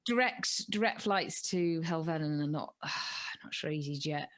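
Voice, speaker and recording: Chatty, animated woman co-host. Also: sits low, measured pace. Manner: chatty, animated, puts on silly voices when quoting. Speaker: podcast co-host. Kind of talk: casual chat.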